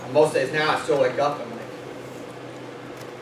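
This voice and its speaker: A young man, a sales company vice president, telling a lively story and acting out dialogue in a motivational speech to his team. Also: medium pitch, slow, long pauses. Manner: animated storytelling, acts out dialogue, laughs often. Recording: echoey room, distant mic, noisy.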